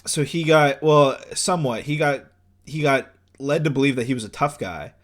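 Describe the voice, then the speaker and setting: A man's voice: medium pitch, normal speed. A young man co-hosting a podcast, telling stories in crude, joking casual banter. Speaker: podcast co-host.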